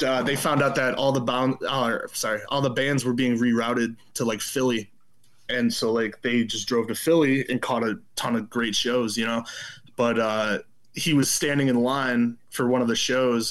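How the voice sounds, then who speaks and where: A man in his thirties, a podcast guest, telling a story in casual chat, animated and laughing, acting out quotes in a raised voice. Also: mid-range voice, moderate pace.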